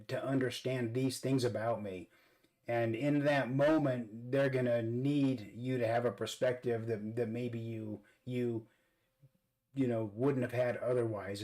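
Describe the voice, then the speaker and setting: A man's voice: mid-range voice, darkish tone, low-quality recording. A man hosting a casual vlog. He talks earnestly while he does his makeup, and he often repeats words as he searches for them. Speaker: vlog host.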